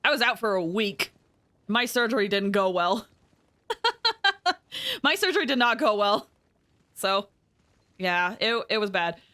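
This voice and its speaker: A woman's voice: medium pitch, very animated, slow, long pauses, bright, forceful tone. A young adult woman streaming a game, rambling through anecdotes with lots of giggles and fillers. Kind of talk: casual live-stream chat.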